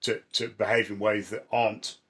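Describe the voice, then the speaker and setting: A man's voice: lowish voice, little pitch movement, normal speed, a bit bright, husky. A man co-hosting a casual chat, praising photos in a reflective, appreciative way. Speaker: co-host.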